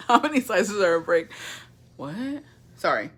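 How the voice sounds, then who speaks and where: Reading viewer comments on her livestream, a young woman chats casually in a blunt, profane, playful way and keeps calling people bestie. Her medium-pitched voice is expressive and a bit bright, at a normal speed.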